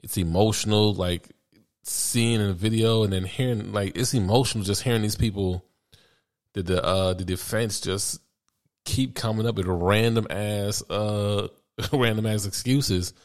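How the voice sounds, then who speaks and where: A father in casual podcast chat, talking in a measured, reflective and somber way. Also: on the low side, steady tone.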